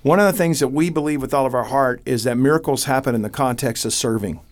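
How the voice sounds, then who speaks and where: A man with a Texan accent, a pastor hosting a casual radio talk from a church studio, folksy and animated, breaking into blessings. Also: mid-range voice, fast talker. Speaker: pastor and podcast host.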